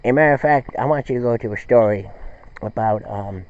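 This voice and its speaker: A man's voice: mid-range voice, quick pace. A man hosting a show in a casual, rambling monologue, correcting himself and losing the thread. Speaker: host. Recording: dull, dry recording.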